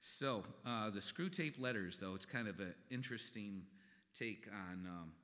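A middle-aged male pastor preaches a sermon in a folksy, conversational style, his voice on the low side with a fairly bright tone. He speaks at a measured pace with lively intonation, and a long reverb fills the hall.

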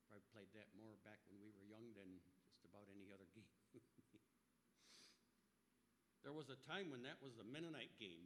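A man preaching a sermon in a church, earnest and building to loud, emphatic peaks. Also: on the low side, in a large hall, a little hiss or hum. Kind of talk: sermon with read-aloud story. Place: church sanctuary.

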